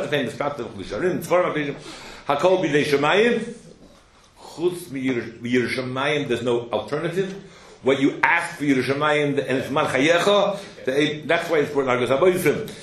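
A man teaching a Torah class, telling stories with plenty of Hebrew and Yiddish terms and often asking "hello?" to prod his listeners. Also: mid-range voice. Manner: animated storyteller, asks "hello?" to prod listeners. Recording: echoey room with faint noise.

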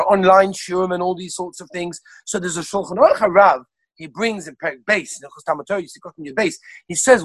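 Husky, fast-talking man giving a Torah class. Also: high voice, no echo, low-quality recording. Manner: rapid-fire listing of sources, animated. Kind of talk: Torah lecture over video call. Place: lives in Israel. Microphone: video call.

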